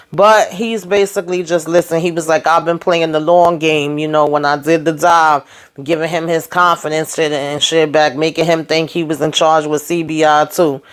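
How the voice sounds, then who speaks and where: A woman's voice: low voice, clean tone. A woman hosting her own channel, giving a blunt, casual recap of a TV episode and talking straight to her viewers. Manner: blunt and outspoken, profane, talks straight to viewers. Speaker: TV review host.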